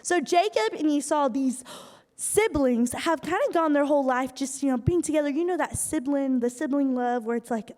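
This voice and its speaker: A young woman from Iowa giving a lively youth group talk, telling stories with acted asides. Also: high-pitched, moderate pace. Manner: animated storytelling with acted asides. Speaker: youth speaker. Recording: hall reverb from a live room.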